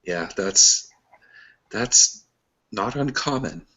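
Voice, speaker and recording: A man's voice: fairly low pitch, animated, drawn-out words, bright, forceful tone. A man co-hosting a casual podcast chat, laughing often and rambling through stories. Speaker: podcast co-host.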